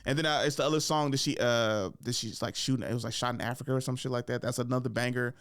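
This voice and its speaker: A man's voice: medium pitch, steady tone, quick pace, fairly bright tone, clear, resonant tone, dry recording, studio quality. A young man hosting a podcast in casual comedic chat, swearing freely and acting out voices. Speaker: podcast host.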